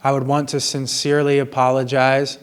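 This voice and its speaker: Earnest guy talking slow about his regrets, middle pitch, gym. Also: completely flat delivery, clean tone. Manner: earnest, apologetic, slow and measured. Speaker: vlogger sharing personal confessions. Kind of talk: reflective personal monologue.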